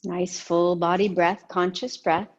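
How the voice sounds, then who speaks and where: A woman teaching a yoga and breathing class, giving calm, gentle cues with soft pauses. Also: fairly low pitch, dull audio. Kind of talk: guided yoga and breathing instruction.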